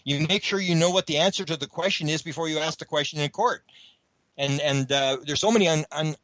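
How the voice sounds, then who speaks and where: A man's voice: a little high, brisk, a bit bright, dry recording, rough recording. A man being interviewed on a radio show, talking at length in a rambling way with many restarts. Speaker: guest researcher.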